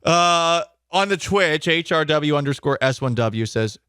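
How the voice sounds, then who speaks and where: A man hosting a sports radio show, talking in a bright, forceful voice with wry, opinionated jokes. The sound is dry and close, like a studio mic in a small booth. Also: a little high, animated, a little slow, smooth, dry recording. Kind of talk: casual sports talk radio.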